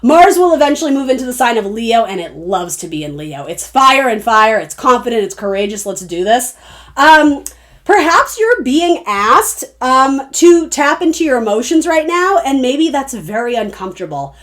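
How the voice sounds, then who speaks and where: A fairly high-pitched young woman talks her way through a tarot reading for her viewers. Her delivery is loose and chatty, full of restarts and asides as she thinks aloud. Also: sing-song, normal speed, fairly bright tone. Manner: rambling, chatty, self-interrupting. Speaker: tarot reader. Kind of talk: casual spoken tarot reading.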